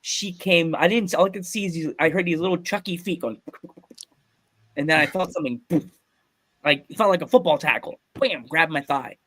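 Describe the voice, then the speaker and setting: A man from Pennsylvania hosting a casual podcast, telling stories with lots of excitement and frequent laughter. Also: a little high, brisk. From Pennsylvania, USA. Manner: excited storytelling, laughs often. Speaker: podcast host.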